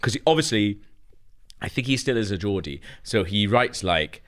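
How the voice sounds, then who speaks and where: A man's voice: on the low side, expressive, moderate pace, a bit bright. A young man co-hosting a casual comedy chat, rambling with lots of laughs and teasing asides. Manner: rambling, laughs often, stirs the pot. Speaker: podcast co-host.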